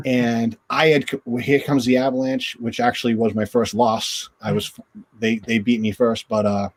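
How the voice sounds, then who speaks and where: A middle-aged man, a former hockey goalie, telling stories as a guest on a video call interview, acting out quotes with a raised voice. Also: medium pitch. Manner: animated, acts out quotes in raised voice. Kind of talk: storytelling in an interview.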